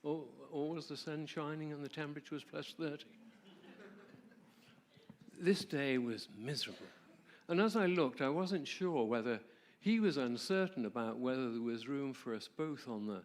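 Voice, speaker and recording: A man presenting at a church, telling a personal story in a warm, conversational way and asking the audience questions. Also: fairly high pitch, normal speed. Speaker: marriage ministry presenter.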